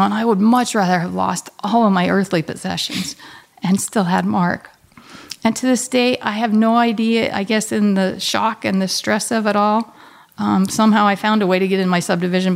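Gravelly middle-aged woman telling a grief story. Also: medium pitch. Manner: halting and heartfelt, with many pauses and restarts. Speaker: guest, a bereaved mother. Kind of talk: emotional personal storytelling.

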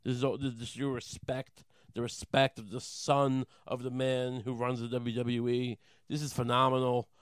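A man's voice: mid-range voice, little pitch movement, normal speed, clear, resonant tone, no room sound, clean studio sound, close to an everyday voice. A man putting on a male wrestling villain who gushes over being respected. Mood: gushing.

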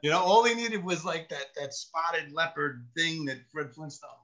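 A man's voice: a little high, moderate pace. A man, a retired police officer telling stories in casual chat and acting out the voices of others. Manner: animated storyteller who acts out the voices of others.

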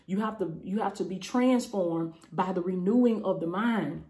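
A woman's voice: mid-range voice, normal speed, dark tone. Fervent woman preaching, calling everyone baby. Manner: fervent, repeats phrases, calls listeners baby. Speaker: online preacher. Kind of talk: YouTube sermon.

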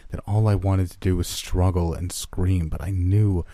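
A man reading a first-person horror story aloud in a low, steady, grim manner. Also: normal speed, no room sound.

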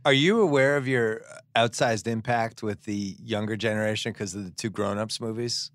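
A man in his forties hosting a podcast, chatty and quick to laugh along with his guest. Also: fairly low pitch, fairly bright tone, no echo. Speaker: podcast host. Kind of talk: casual chat.

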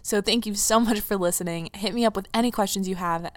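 A woman's voice: mid-range voice, fast, no echo. A young woman in her teens hosting her own casual podcast, gushing and rambling emotionally with restarts, close to tears. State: near tears. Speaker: podcast host. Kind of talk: casual solo podcast chat.

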